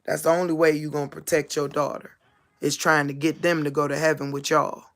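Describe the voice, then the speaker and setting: Gravelly woman preaching emphatically. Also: sits low, level tone, a little fast. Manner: emphatic and repetitive, addressing listeners directly. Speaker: spiritual teacher. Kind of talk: informal preaching monologue.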